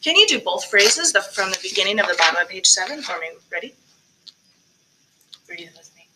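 Speaking quickly in a sing-song, medium-pitched voice, a choir director coaches diction and breathing, breaking into short sung demonstrations between tips. She recorded alone for virtual practice, and the audio is very noisy.

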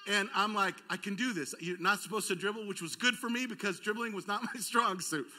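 A man pastor delivers a storytelling sermon in a church with a high, very bright and ringing voice. He is self-deprecating and animated, acting out the shouts and cries of the people in his story. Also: brisk, slight background noise. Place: church auditorium.

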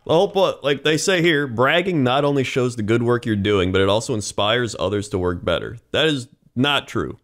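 A man's voice: mid-range voice, lively intonation, a little fast, few pauses, fairly bright tone. A young man co-hosting a podcast, reading an article aloud and mocking it with frequent laughs. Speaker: podcast co-host. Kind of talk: casual chat.

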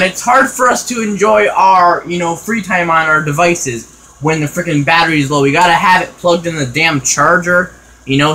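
A man's voice: on the high side, bright, forceful tone, rough recording. A man ranting casually to his own vlog channel in an exasperated, repetitive way, full of "you know" fillers, recorded on a phone. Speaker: vlogger.

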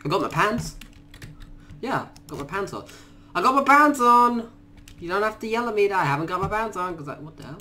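Shrieking, excitable young gaming guy. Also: high voice, brisk. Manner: excitable, shrieks and swears in panic; mutters quietly to himself between outbursts. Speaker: gaming YouTuber. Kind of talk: let's play commentary.

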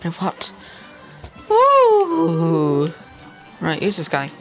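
A young man giving excitable let's-play commentary, talking to the game and to his viewers and bursting into yells. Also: a little high, moderate pace, creaky, faint music behind, low-quality recording. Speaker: gaming channel host.

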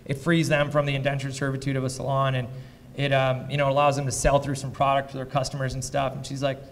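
A man who invests in startups, speaking as a fireside chat guest before a live audience, blunt and profane as he tells lively anecdotes. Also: medium pitch, quick pace, in a large hall, slight background noise. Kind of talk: candid onstage storytelling.

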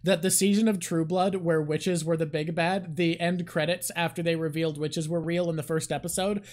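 A young woman from Canada hosting a casual chat, wry and quick to laugh, swearing casually. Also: on the low side, steady tone, a little mellow. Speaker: host.

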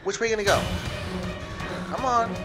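A man playing a horror game on video, talking to the viewers and the game, often yelling, panicking and swearing. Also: extremely high pitch, steady tone, a little fast, over loud music. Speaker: gaming video creator. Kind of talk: let's play commentary.

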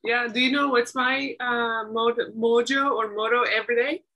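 Bright, enthusiastic woman host. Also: a little high, steady tone, normal speed, muffled recording. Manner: enthusiastic and gushing. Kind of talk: casual chat.

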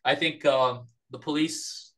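A man's voice: medium pitch, fairly even intonation, takes it slowly, sharp tone, rough recording. A man from Palestine, a podcast guest, retelling a story in a casual, rambling, profane way.

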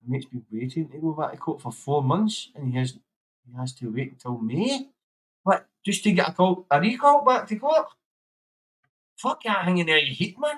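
A man's voice: a little high, expressive, normal speed, rough recording. A man hosting a livestream, chatting casually, swearing and laughing as he hands out blunt advice. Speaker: livestream host.

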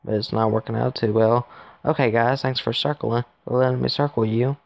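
A man's voice: medium pitch, fairly even intonation, a little fast, gravelly, dry recording, muffled recording. A man giving rambling, casual commentary to his viewers while playing a phone game, recorded on his phone. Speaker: gaming YouTuber.

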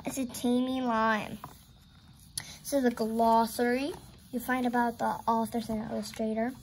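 A woman's voice: a little high, level tone, moderate pace, darkish tone, a little hiss or hum. A woman reading a children's picture book aloud, playful and exclaiming, turning to chat with her viewers between pages. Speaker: storyteller.

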